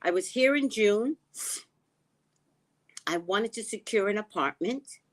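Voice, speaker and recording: A woman running a spiritual vlog, talking slowly and reflectively and often dropping to a hushed tone. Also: mid-range voice, expressive. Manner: slow, musing, often drops to a hushed tone. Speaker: spiritual reader and vlogger. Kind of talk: reflective personal talk. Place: living in the Caribbean.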